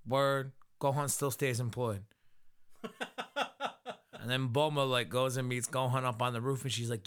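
A man hosting a podcast, giving a profane, animated comedic episode recap and laughing often. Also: medium pitch, moderate pace, long pauses, clean tone. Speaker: podcast host.

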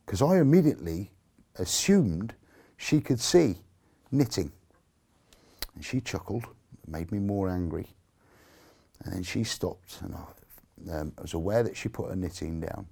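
A man's voice: deep voice, very animated, measured pace, vocal fry, pauses often, mellow, husky. A man, a blind army veteran, telling his own story in earnest, emotional terms and acting out the dialogue he remembers. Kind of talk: personal storytelling talk.

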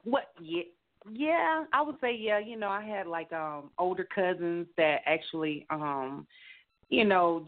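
Upbeat woman guest on the phone. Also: low voice. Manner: casual, upbeat, many fillers. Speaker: rapper and singer guest. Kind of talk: interview answers. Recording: tinny phone line.

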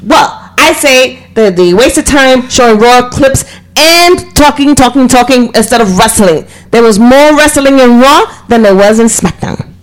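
A woman's voice: a little high, animated, a little slow, rough recording. A woman co-hosting a casual wrestling podcast, speaking bluntly and teasing. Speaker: podcast co-host.

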